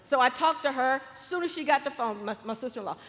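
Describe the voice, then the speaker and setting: A woman with a high voice tells a personal faith story and acts out each person she quotes. Her telling is lively and animated. The room adds a long reverb. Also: fast.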